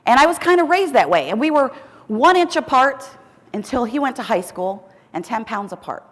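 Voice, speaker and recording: Middle-aged American woman, keynote storyteller, animated and a bit high, big hall reverb. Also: normal speed. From United States. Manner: humorous, lively storytelling. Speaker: keynote speaker. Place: large conference hall. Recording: long reverb of a large hall.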